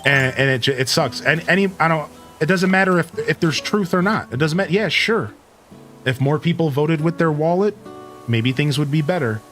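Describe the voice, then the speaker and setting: A man's voice: on the high side, moderate pace, fairly bright tone, soft background music. A man hosting a live stream, giving an earnest, preachy rant to his viewers with casual slang. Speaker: Twitch streamer and host.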